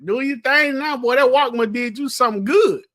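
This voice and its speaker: A man's voice: extremely high pitch, moderate pace, a bit bright. A man co-hosting a casual sports chat, trading playful, teasing banter. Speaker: co-host.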